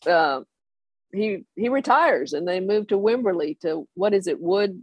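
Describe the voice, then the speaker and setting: An older person telling a family story in a lively way, often laughing and acting out the others. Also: mid-range voice, a little slow, breathy edge, no room sound. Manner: animated, laughing anecdote telling. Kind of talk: oral history storytelling.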